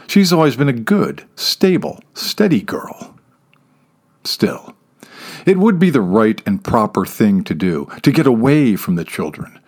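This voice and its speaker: A man reading a story aloud as narrator, in a measured delivery that sometimes drops to a whisper for dark asides. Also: mid-range voice. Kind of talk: scripted narration.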